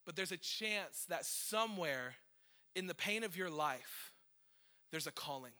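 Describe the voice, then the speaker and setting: A man's voice: a little high, expressive, unhurried, bright, forceful tone. A man in his thirties, a worship leader, preaching a conversational, emotional sermon with self-deprecating asides.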